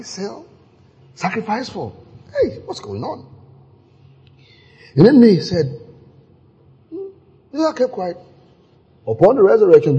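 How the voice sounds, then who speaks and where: Animated husky preacher man. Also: sits high, lo-fi sound. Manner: animated, acting out scenes with sudden exclamations. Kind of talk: sermon.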